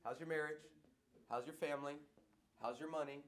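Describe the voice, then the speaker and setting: Man, middle-aged, pastor, Q and A, animated, playful, repetitive, slightly high voice. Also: a little fast. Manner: animated preacher, playful, repeats himself. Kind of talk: Q and A with an audience.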